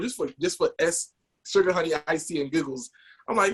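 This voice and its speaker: Animated storytelling man on a podcast. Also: fairly high pitch, a little fast, breathy edge. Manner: animated, repeats words when wound up. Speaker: podcast co-host.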